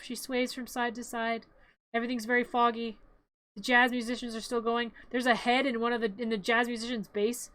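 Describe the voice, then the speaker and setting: A woman streamer casually narrating along with a film, rambling with playful, deadpan jokes. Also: a little high, no echo. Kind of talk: casual live-stream commentary.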